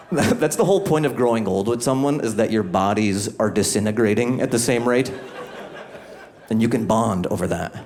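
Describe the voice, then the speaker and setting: A man doing a stand-up comedy set in a comedy club, animated and acting out little scenes. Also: lowish voice. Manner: animated, acts out voices and groans. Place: comedy club stage with audience laughter.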